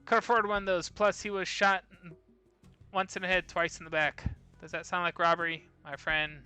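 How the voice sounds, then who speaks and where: A man's voice: high voice, little pitch movement, moderate pace, bright, forceful tone, clear, resonant tone, faint music behind. A man reading aloud the lines of a chatty, rambling woman who runs a gun shop, apologizing as she over-shares. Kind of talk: reading game dialogue aloud.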